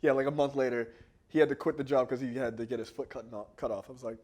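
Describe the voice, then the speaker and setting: A grown man co-hosts a casual movie-review podcast, wandering off on tangents, laughing often, and acting out other people's lines. His mid-range voice is steady and slightly mellow, and he talks quickly.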